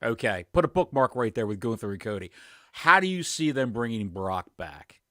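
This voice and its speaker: Animated, bright-voiced podcast man. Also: medium pitch, moderate pace, no echo, studio quality. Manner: animated storyteller, jokey asides. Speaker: podcast co-host. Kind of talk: casual chat.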